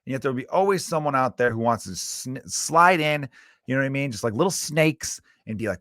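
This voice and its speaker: A man's voice: mid-range voice, lively intonation, fairly quick, a bit bright, no echo, clean studio sound. A man hosting his own comedy podcast, ranting casually in a profane, exasperated, rambling way.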